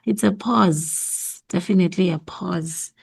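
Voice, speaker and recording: A woman with a South African accent takes a class through an exam memo. She speaks slowly, and her voice has a gravelly, creaky edge. She thinks aloud and repeats her answers. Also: fairly low pitch. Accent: South African English. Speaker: teacher going over exam memo. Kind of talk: exam revision lesson.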